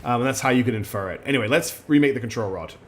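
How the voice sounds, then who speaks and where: A man's voice: medium pitch, rapid-fire. A man streaming a video game, chatting casually, hesitating with ums and restarts as he reads the game's text aloud. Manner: chatty, many ums and restarts, apologetic asides. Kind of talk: casual gameplay commentary, reading dialogue aloud.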